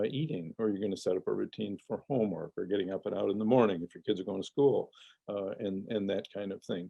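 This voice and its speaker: An older man speaks as a parenting expert in a conversational interview, his voice on the low side and mellow rather than bright. He explains patiently, stumbling into restarts and "uh" fillers as he thinks aloud. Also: creaky, slightly rough, poor audio.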